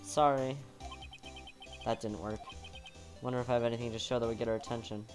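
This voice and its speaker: A nervous young male lawyer, dry and deadpan, stumbling over his words when cornered, as a fan voice actor plays him. Mid-pitched and plain, with faint music under the game dub. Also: brisk, lightly acted. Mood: flustered.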